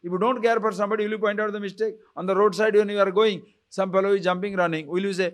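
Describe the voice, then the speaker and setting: A man giving a spiritual lecture on scripture, who keeps asking his listeners rhetorical questions, chuckles often and slowly chants Sanskrit phrases. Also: high voice, steady tone. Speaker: spiritual teacher.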